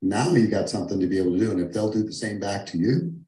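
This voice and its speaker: A man's voice: lowish voice, fast, dark tone. A male host on stage reacting emphatically to his guest's points. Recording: echoey large room.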